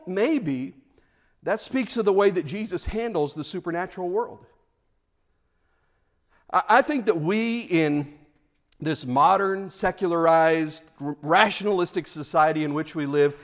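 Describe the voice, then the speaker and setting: A middle-aged man preaching a sermon in a chatty, animated way, acting out the quotes he tells. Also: high voice. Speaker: pastor.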